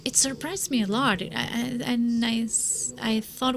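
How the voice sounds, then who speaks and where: A woman's voice: on the high side, animated, normal speed, vocal fry. A woman speaking at a conference, answering audience questions in an earnest, encouraging way and often repeating words as she starts a sentence. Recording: live conference with audience noise.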